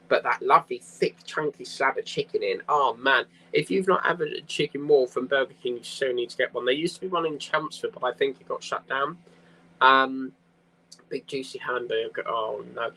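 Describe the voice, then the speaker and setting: A man's voice: medium pitch, bright, forceful tone, rough recording. A man hosting a casual craft live stream, chatting in a rambling way and reading viewer comments aloud.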